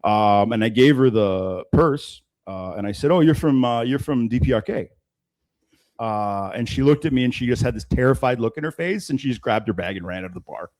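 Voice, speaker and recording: A man hosting a podcast, telling bar stories in a casual, animated way and sometimes swearing. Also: lowish voice, a little fast, few pauses, low-quality recording. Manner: animated, swearing, laughing storyteller. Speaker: podcast host. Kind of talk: casual storytelling chat. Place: Toronto.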